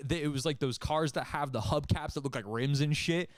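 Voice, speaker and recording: Male co-host, a bit high, dry room, profane storyteller who plays everyone in his stories. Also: fairly quick, no echo. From Hispanic background. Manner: profane, laughs a lot, acts out others' lines. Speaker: podcast co-host. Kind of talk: casual chat, storytelling.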